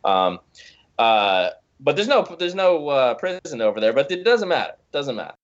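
A man's voice: mid-range voice, sing-song, moderate pace, lo-fi sound. A man co-hosting a podcast in casual chat, rambling with lots of fillers, restarts and swearing. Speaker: podcast co-host.

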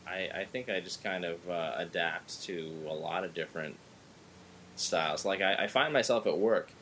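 Podcast host, male, lowish voice, rambling casual chatter, faint rumble underneath. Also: fairly bright tone. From Southern California. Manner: rambling, halting with many restarts. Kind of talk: casual chat.

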